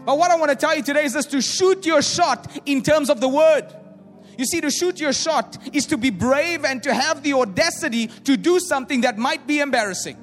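High-voiced preacher in an echoing hall. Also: male voice, fairly quick. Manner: animated, acts out voices of doubters, swings from loud to hushed. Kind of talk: sermon. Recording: echoey hall with faint music.

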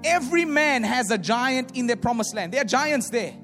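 A high-pitched male preacher, booming through a big reverberant hall with faint music underneath. He preaches with animated energy, acting out doubters' voices and swinging between loud declarations and hushed asides. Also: normal speed. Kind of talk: sermon.

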